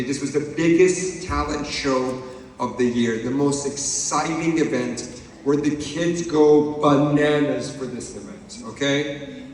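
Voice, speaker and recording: Man, from Iran, stand-up comedy, animated, roomy reverb, distant mic. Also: medium pitch, slight background noise. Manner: animated storytelling, bursts of sung and shouted bits. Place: theatre stage. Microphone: handheld mic. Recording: echoey hall from far off.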